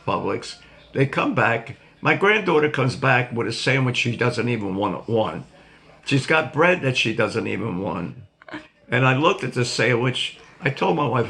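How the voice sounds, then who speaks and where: A man's voice: medium pitch, creaky, a bit bright. An older man hosting his own vlog, telling a rambling, jokey story to his viewers and laughing at himself. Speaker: vlog host.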